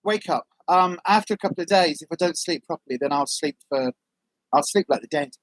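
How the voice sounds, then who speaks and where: This livestream host is a woman whose voice sits on the lower side and moves at a brisk clip. She reads out viewer comments in a friendly, meandering way, dropping plenty of ums, with no echo in the audio.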